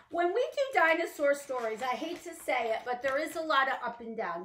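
A children's librarian leading an animated storytime, coaxing young listeners to join in and answer. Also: female voice, high voice. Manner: animated, coaxing, addresses kids directly. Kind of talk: storytime reading with songs. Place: library, indoors.

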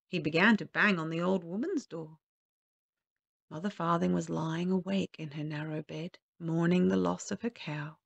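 A woman telling a children's story aloud in a gentle, lilting, expressive way. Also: lowish voice, moderate pace, creaky, breathy edge, no echo, muffled recording.

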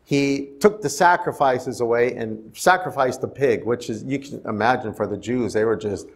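Speaking at a moderate pace in a mid-range voice, a male pastor gives a conversational Bible study in a church sanctuary and often asks the congregation questions.

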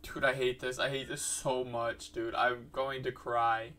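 A man's voice: mid-range voice, level tone, unhurried, sharp tone. A man hosting a horror reaction video who talks in a panicky way and keeps repeating exclamations. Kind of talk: reaction commentary.

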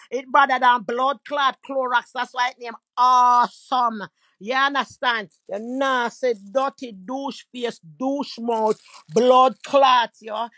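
Jamaican woman, fierce profane rant; high, bright, forceful delivery. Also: no echo. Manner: loud, aggressive, profane ranting with mocking insults. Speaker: social media personality. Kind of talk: angry diss rant to camera.

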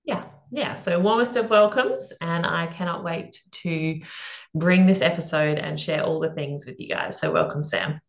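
A woman's voice: fairly low pitch, moderate pace. A woman hosting a podcast in casual interview chat, bubbly and chatty, laughing often and rambling with fillers. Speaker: podcast host. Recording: echoey room, dull lo-fi sound.

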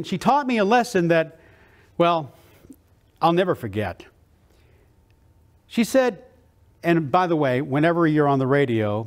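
A man giving a motivational keynote, telling a story with animated delivery and slow dramatic pauses on key words. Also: on the high side.

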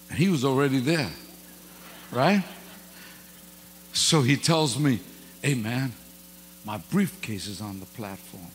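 A man's voice: medium pitch, vocal fry. Joking folksy preacher man in a reverberant church. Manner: folksy, joking, casual grammar. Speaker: guest pastor. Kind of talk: informal sermon with humorous stories. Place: church hall. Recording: long hall reverb with faint mains hum.

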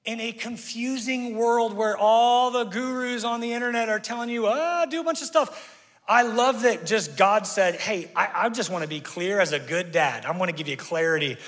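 Man, pastor preaching a sermon, high voice, bright ringing tone, long church reverb. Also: normal speed. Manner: energetic, conversational preaching with call-and-response. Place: church sanctuary.

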